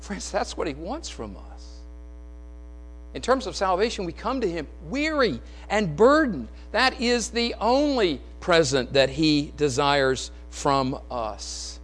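A man preaching a sermon in an earnest, storytelling way, rising loud and dropping quiet. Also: a little high, animated, slow, faint music behind, rough recording. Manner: earnest, storytelling, swings between raised and hushed delivery.

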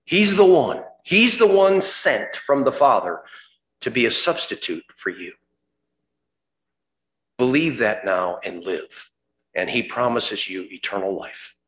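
A man preaching a sermon, dramatic, rising to fervent cries at the high points. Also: animated, slow, a bit bright, roomy sound.

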